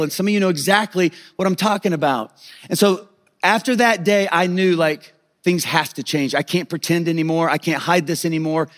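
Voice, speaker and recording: Earnest confessional male pastor. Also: fairly high pitch. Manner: earnest, confessional, many stammered restarts. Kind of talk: sermon with personal testimony.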